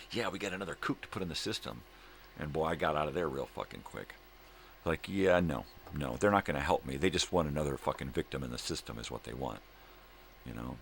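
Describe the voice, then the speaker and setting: A man's voice: a bass voice, slight background noise. A man hosting his own daily video show, ranting in a profane, angry monologue. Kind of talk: casual monologue.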